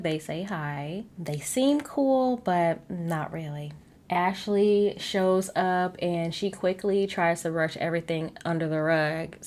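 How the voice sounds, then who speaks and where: A woman's voice: on the low side, darkish tone. A young woman, giving a chatty, sassy recap of a reality TV episode, laughing often and dropping playful asides. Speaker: recap host. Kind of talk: casual TV recap commentary.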